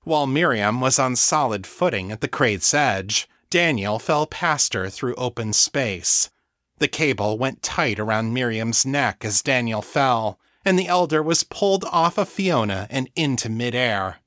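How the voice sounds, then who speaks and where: A man narrates his fantasy novel as an audiobook at a medium pitch. He reads in a steady, measured way. The recording is close and dry, with no room sound. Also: no echo.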